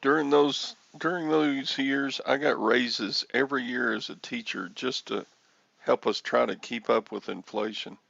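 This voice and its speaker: A man's voice: mid-range voice, steady tone, measured pace, vocal fry, fairly bright tone, lo-fi sound. A man in his sixties hosting a reseller livestream, rambling and joking as he answers chat comments. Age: 60s.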